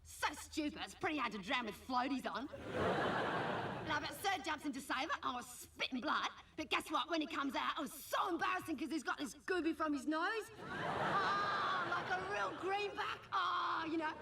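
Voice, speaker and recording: A woman's voice: sits high, normal speed, heavy background noise. A woman playing a cheeky, gossipy teenage schoolgirl with an Australian accent and a whiny, nasal way of talking, in a live sketch comedy monologue. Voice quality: whiny and nasal, with lots of "like" and "guess what". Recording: distant stage mic, loud audience laughter. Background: live audience laughing.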